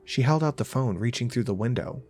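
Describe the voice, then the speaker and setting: Lively, wry male horror narrator. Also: mid-range voice, fairly quick. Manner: casual, profane, wry. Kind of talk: first-person horror story narration.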